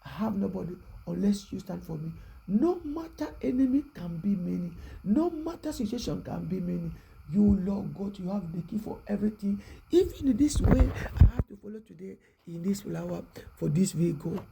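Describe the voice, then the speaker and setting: A preacher giving a prayerful, repetitive exhortation, often dropping to a hushed voice. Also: mid-range voice, lively intonation, moderate pace, vocal fry, husky, rough recording.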